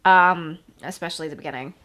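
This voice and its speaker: A woman with a voice a little lower than most women's, chatting on a movie podcast. She thinks aloud as she goes, pausing on ums and likes while she searches for the right words. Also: fairly bright tone. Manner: thoughtful, searching for words with many fillers. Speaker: podcast co-host. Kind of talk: casual movie chat.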